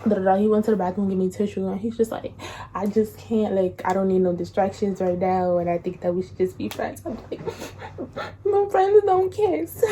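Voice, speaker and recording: A young woman tells a breakup story in casual slang, laughing often and acting out quotes in a higher voice. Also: little pitch movement, fast, dark tone, a little hiss or hum. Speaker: vlogger.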